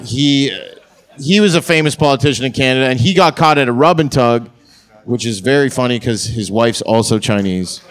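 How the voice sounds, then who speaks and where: A man's voice: medium pitch, moderate pace, fairly bright tone. A man performing a crude, brash stand-up comedy set on a theatre stage. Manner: crude, brash punchline delivery.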